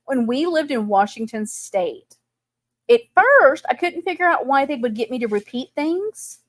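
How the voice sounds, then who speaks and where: A middle-aged woman with a Texan twang chats with viewers in a relaxed live stream, laughing easily and greeting people by name. Her voice sits a little high. The sound is dry and close, with no room around it. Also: unhurried, dry recording. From Texas. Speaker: livestream host. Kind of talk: casual live chat.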